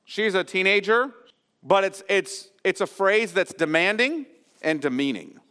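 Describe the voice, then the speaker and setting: A man preaching an expository sermon as pastor, earnest and explanatory, often pausing to restate a phrase. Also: high-pitched, animated, pushed and bright, clear, resonant tone, big-room sound. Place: church sanctuary.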